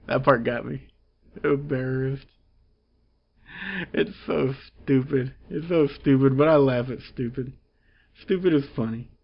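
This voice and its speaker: A man's voice: medium pitch, steady tone, measured pace, vocal fry, pauses often. Rambling, chuckling man on lo-fi audio. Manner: rambling, chuckling plot retelling with filler words. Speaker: comic book reviewer. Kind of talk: casual review chat.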